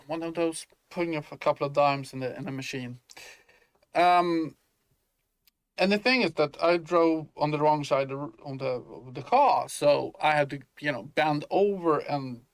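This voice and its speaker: An indie game developer chats casually in a dev-log vlog, thinking aloud as he works and rambling with many fillers and restarts. His voice is a little high, with no room sound.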